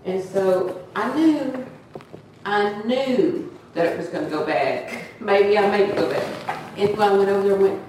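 A woman's voice: medium pitch, normal speed. An older woman giving an earnest, rambling testimony in a church meeting, acting out the voices she quotes. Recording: very echoey room, from far off, faint noise.

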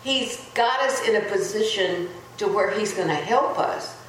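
A woman giving a sermon in a church hall, telling folksy stories and repeating her points slowly for emphasis. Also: mid-range voice, slight background noise. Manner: folksy storytelling, slow emphatic repetition. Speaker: church speaker. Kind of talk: sermon with a personal story. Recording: echoey room.

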